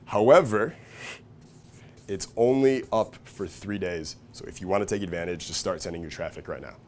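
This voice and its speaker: A man with a lower-than-average voice runs a casual, profane seminar, constantly checking in with the audience. He jumps into loud, high-pitched impressions when quoting people. Faint room noise sits under the recording. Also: normal speed. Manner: profane, energetic, keeps checking in with "right?" and "okay?"; acts out quoted voices with big jumps in pitch and volume. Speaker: seminar speaker. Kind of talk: live seminar talk to an audience.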